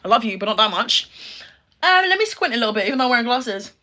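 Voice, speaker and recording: Sassy young woman, bright voice. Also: fairly high pitch, very animated, fast talker. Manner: sassy, exclaiming, talks straight to viewers. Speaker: YouTuber reacting to a video. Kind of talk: casual reaction commentary.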